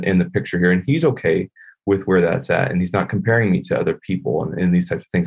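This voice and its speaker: A man, a worship pastor, speaking earnestly and reflectively as a podcast guest. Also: deep voice. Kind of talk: faith podcast conversation.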